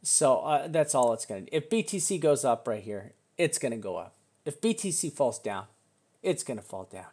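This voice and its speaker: A man's voice: medium pitch, very animated, moderate pace, a little mellow. Rambling man talking through trading charts. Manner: rambling, self-interrupting, thinking aloud; swears casually. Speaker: crypto chart analyst. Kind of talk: casual live chart analysis.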